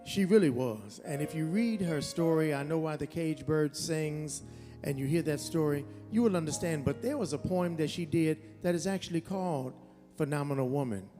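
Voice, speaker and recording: A slightly high-pitched man hosts an event, his earnest, conversational talk stumbling now and then. His voice rings through a large hall with long reverb, while music plays softly underneath. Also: lively intonation, moderate pace. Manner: earnest, conversational, with false starts. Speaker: event host. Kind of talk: speech at a school event.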